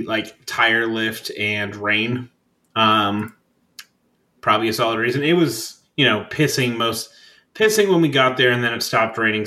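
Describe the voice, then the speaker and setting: A young man chats on a podcast about a trip. He rambles and fills his pauses, curses freely, and keeps an easygoing tone. His voice sits at an ordinary middle pitch. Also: sharp tone, rough recording. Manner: rambling, profane, laid-back storytelling with frequent fillers. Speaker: podcast co-host. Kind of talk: casual chat.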